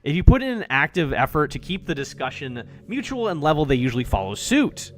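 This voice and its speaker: A man's voice: fairly high pitch, sing-song, fairly quick, fairly bright tone. A man reading aloud a cheerful young female club president from a visual novel, in a playful, teasing way. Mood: earnest.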